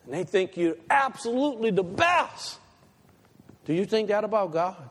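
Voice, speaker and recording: Animated preacher in a reverberant hall. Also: male voice, normal speed. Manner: animated preaching, rising to high emphatic peaks and dropping to quiet asides. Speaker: pastor. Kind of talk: sermon.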